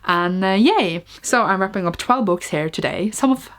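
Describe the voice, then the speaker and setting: A woman's voice: medium pitch, animated, normal speed, a bit bright. A woman with a Norwegian accent in a casual book review vlog, rambling and chatty with lots of "like", often laughing at herself. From Norway. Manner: self-mocking and giggly. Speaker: book vlogger.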